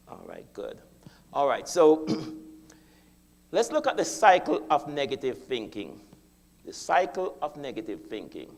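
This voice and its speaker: A man's voice: a little high, creaky. A man giving a sermon in a church, teaching step by step and acting out his own inner thoughts, often repeating key phrases. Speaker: guest speaker. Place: church sanctuary.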